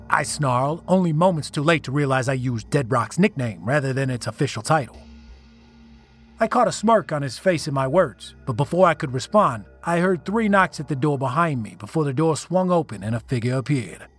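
A man's voice: on the high side, animated, a little fast, slightly rough, soft background music. A man reading a first-person story aloud, telling it dramatically and with emotion. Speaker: narrator. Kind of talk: first-person scripted narration.

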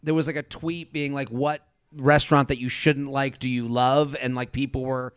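A man co-hosting a podcast in casual chat, animated and rambling, with repeated stammered restarts. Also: mid-range voice, moderate pace, clean tone, no room sound, studio quality. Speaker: podcast co-host. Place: remote recording over a video call.

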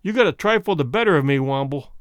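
A man's voice: fairly high pitch, animated, quick pace, clear, resonant tone, no room sound, clean studio sound, lightly acted. A man reading an audiobook, voicing a smug, scheming man who speaks in a soothing, mocking, overly polite way.

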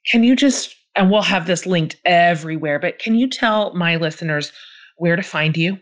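A woman's voice: on the low side, moderate pace. A woman hosting a podcast, asking questions and thanking her guest effusively. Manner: warm affirming interjections, gushing thanks. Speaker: podcast host. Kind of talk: interview host.

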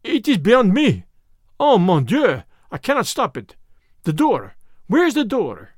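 A man's voice: sits high, very animated, normal speed, dry recording, clean studio sound. A man voicing an agitated medium at a seance, with a trembling, pleading way of talking. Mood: panicked. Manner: trembling, pleading, formal phrasing.

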